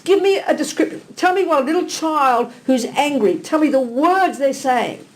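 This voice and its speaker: A woman giving a live question-and-answer Buddhist teaching to an audience in a hall. She talks in an animated, blunt, teasing way and fires off rhetorical questions. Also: high-pitched, moderate pace.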